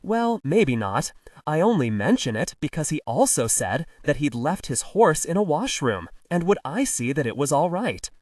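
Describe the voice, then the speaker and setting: A short, wiry porter gossips in a chatty, animated way in an audiobook, voiced by a male narrator. His delivery swings lively in pitch, a touch higher than plain reading. The sound is dry and set back from the mic. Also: normal speed, dry recording, far from the mic. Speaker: college porter.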